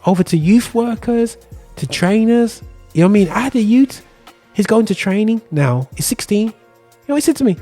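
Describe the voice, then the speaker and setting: A man hosts a casual podcast conversation, talking animatedly in street slang and checking in with "you know what I mean" at every turn. His voice sits a little high for a man, husky and mellow, with faint music underneath. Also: lively intonation, fairly quick. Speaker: host.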